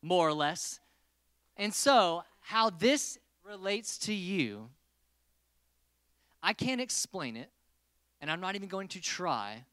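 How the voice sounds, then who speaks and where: A man's voice: high voice, very animated, slow, pauses often, pushed and bright, clean tone, no room sound, studio quality. A man in his thirties preaching a casual, joking sermon to a congregation. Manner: playful, joking with the crowd.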